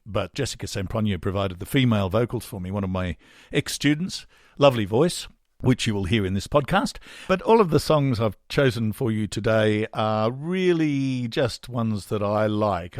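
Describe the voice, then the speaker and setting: A man's voice: on the low side, no room sound, studio quality. A middle-aged Australian man hosting a podcast, chatting wryly in a rambling, casual way. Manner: chatty, wry, rambling with fillers. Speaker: podcast host and songwriter.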